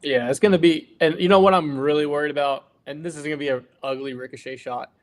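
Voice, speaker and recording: A man's voice: fairly high pitch, fairly even intonation, quick pace. A young man co-hosting a casual live stream, talking in repeated, hedging phrases. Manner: repeats himself, hedges with "like". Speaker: co-host.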